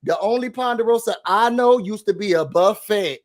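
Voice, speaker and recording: A man's voice: high voice, normal speed. A man hosting a reality-TV recap, chatting animatedly and laughing with his viewers. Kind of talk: casual gossip recap commentary.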